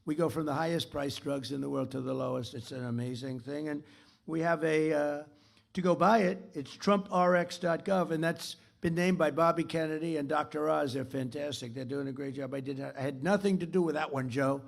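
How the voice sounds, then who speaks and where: Older man as keynote speaker, off the cuff and repetitive, rough gravelly tone. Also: a little high, fairly even intonation, fairly quick. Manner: rambling, repetitive, boastful. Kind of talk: off-the-cuff speech to an audience.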